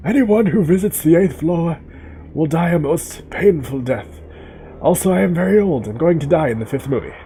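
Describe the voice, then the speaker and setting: A man voicing an ancient, frail wizard headmaster in a slow, quavering old voice with a distant tone. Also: on the high side, lively intonation, warm tone, a little hiss or hum, voice pushed up. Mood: ominous.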